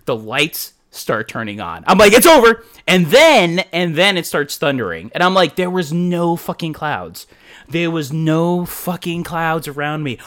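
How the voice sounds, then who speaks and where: Male podcast co-host, lively bright voice, swears a lot, acts out his reactions. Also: a little high, a little slow. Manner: animated, profane, acts out his own reactions. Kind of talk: casual storytelling chat.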